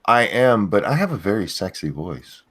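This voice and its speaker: A man with a very deep, low voice, sounding tired as if he has just woken up. He co-hosts a casual stream, trading drowsy, joking banter with the others. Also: very animated, moderate pace, fairly bright tone, breathy edge. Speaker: podcast co-host. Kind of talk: casual live stream chat.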